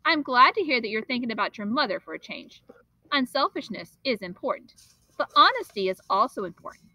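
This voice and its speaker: A sly old shopkeeper lectures in an unhurried, measured way with a bright, fairly high tone, as a woman reading a storybook aloud puts him on. The voice sounds dry and close. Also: sing-song, no echo, heavily acted, poor audio. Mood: lecturing.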